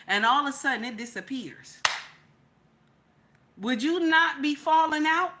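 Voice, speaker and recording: High, bright woman ranting on a livestream. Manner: animated, profane, rhetorical, repeats questions for emphasis; addresses chat viewers directly. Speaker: livestream commentator. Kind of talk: casual ranting livestream commentary.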